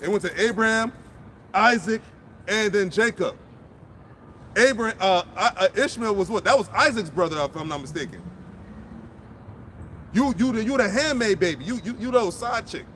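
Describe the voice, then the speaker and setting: A high-voiced man delivers an impassioned outdoor sermon. He is blunt and profane and repeats words as he builds each point, with faint city noise around him. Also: lively intonation, moderate pace, long pauses, fairly bright tone. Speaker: street preacher.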